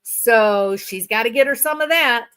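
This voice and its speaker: A woman giving sarcastic, mocking commentary on a video clip, with drawn-out, theatrical emphasis. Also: a little high, a bit bright, clear, resonant tone. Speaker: co-host reacting to a video.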